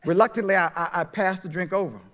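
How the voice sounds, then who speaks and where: Middle-aged male pastor, sermon delivery, slightly high-pitched, dynamic from hush to loud. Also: fast, muffled recording. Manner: dynamic preaching, swings from hushed to loud.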